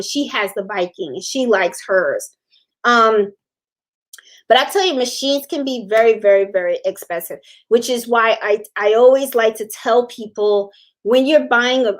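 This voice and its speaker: A middle-aged woman with a slightly high voice hosts a casual chat on a live sewing stream. She wanders between stories, laughs readily, and breaks off to answer comments from viewers.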